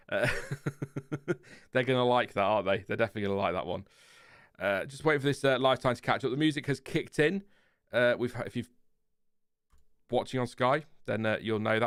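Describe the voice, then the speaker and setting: A man with a Lincolnshire accent hosts a casual livestream, reading out viewer comments in a calm, fairly flat voice, rambling and laughing often. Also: medium pitch, clear, resonant tone, no room sound, clean studio sound. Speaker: livestream host.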